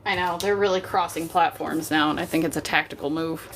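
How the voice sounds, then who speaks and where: A woman's voice: deep voice, steady tone, brisk. Chatty woman livestreaming over background noise. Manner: chatty, candid, swears freely, addresses viewers as y'all. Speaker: livestream host. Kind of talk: casual chat to a live chat.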